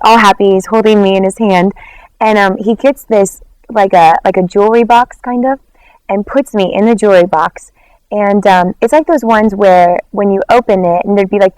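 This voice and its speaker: A worship leader tells a personal testimony in an interview, animated and acting out quoted dialogue, with lots of "like" fillers. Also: female voice, medium pitch, fairly quick, clean tone, no echo, poor audio. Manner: frequent "like" fillers.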